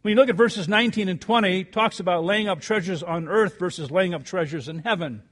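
An older man preaching a sermon, telling a story with animated rises and quiet asides before reading scripture. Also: high voice, fairly quick. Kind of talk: sermon with anecdote.

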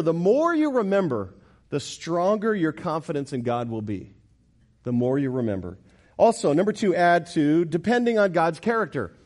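A middle-aged man preaching a sermon as pastor, telling stories, joking with the congregation and acting out quotes. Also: high-pitched. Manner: animated storyteller, jokes with congregation, acts out quotes.

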